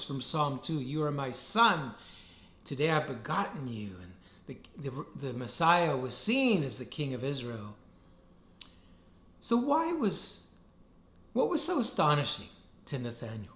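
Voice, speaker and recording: Guy preaching a sunday sermon, earnest, voice bounces around a lot, echoey room. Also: on the high side. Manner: animated, earnest preaching with rising emphasis. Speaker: pastor. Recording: roomy echo.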